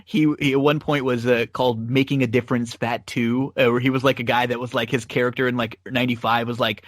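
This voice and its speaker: Man, podcast host, loose rambling chat, mid-pitched, dry close mic. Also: level tone, fast talker, dry recording. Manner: rambling, many fillers and restarts, laughs often. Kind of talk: casual wrestling rewatch chat.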